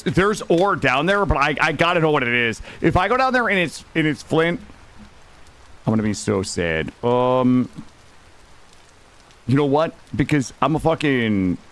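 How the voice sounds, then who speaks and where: A man streaming a game live, excitable, swearing and talking to his chat. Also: medium pitch. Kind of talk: live gameplay commentary.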